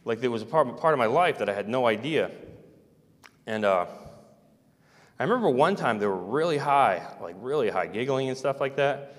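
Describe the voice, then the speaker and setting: A man recounts a long personal story in a halting, meandering way, stopping often to restart his sentences. His voice sits at an ordinary middle pitch. The recording carries a long, lingering hall reverb. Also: animated. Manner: halting, with many fillers and restarts. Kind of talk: rambling first-person account.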